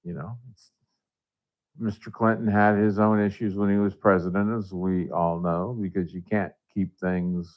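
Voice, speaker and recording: A man with a fairly low voice chats calmly as a guest on a radio talk show. He answers in short, easygoing replies. The audio has a slightly muffled, lo-fi quality. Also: normal speed. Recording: slightly dull lo-fi sound.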